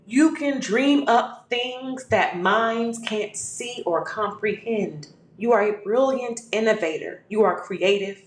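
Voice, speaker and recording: A woman with a somewhat high voice gives an emphatic motivational pep talk as a podcast host. She repeats her affirmations, calls the listener "baby", and the room around her sounds echoey. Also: slow pace, hardly any pauses.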